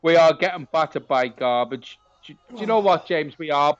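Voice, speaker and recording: Cheeky high-voiced man rallying viewers. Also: animated, moderate pace, no echo, highs cut off. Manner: cheeky, rallies viewers like an auctioneer. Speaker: co-host of a football watch-along stream. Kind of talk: casual live-stream banter.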